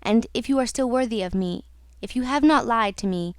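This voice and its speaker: A woman's voice: on the high side, a little fast, clear, resonant tone, dry recording, studio quality, close to an everyday voice. A woman reading an audiobook, voicing a mysterious, possessive male voice that speaks solemnly and commandingly.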